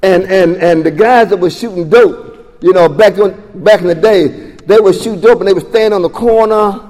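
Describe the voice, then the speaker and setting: A man's voice: high-pitched, moderate pace, darkish tone, in a large hall. A man animatedly telling his recovery story at a meeting, acting out the voices of the people in it. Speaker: speaker sharing recovery story.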